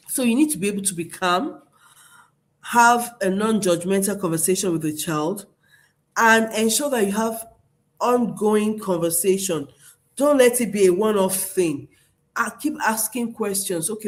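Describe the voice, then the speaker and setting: A woman speaking earnestly to parents, giving advice on talking with their children. She repeats key phrases and keeps checking that her listeners understand. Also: medium pitch.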